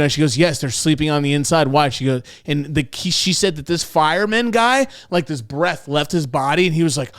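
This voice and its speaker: Animated, cursing young man telling a story. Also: on the high side, fairly quick, few pauses, no echo, clean studio sound. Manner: animated, profane, acts out quotes. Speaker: podcast co-host. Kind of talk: casual storytelling chat.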